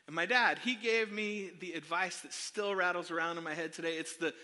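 A man preaching a sermon, telling a funny self-deprecating story from his childhood to the congregation in an animated way. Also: high voice, brisk, hardly any pauses. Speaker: pastor. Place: church sanctuary. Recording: long hall reverb.

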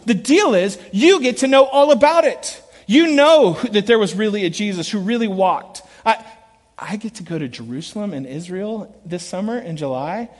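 A middle-aged man preaching a sermon, telling stories with lively acted quotes and dropping to quiet, earnest asides. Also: high voice, moderate pace. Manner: animated storytelling, shifts between loud acted quotes and quiet earnest asides. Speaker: pastor. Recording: long reverb of a large hall.

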